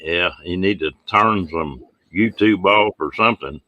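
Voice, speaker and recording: A man's voice: sits low, measured pace, sharp tone, no echo, lo-fi sound. A man hosting a live-stream chat, easygoing and folksy. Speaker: stream host.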